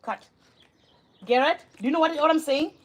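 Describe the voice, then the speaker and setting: A woman filming a family vlog at home, talking to her young sons and her followers in a lively, encouraging way. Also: sits high, normal speed. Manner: animated, coaxing and praising her young sons. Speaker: vlogger and mother. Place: home, at a breakfast table.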